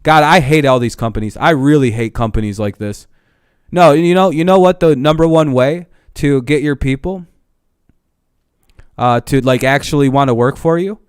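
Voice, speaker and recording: A young man on a live stream in a heated, profane rant. His voice is smooth and clear, recorded dry and close. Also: medium pitch, moderate pace, no room sound.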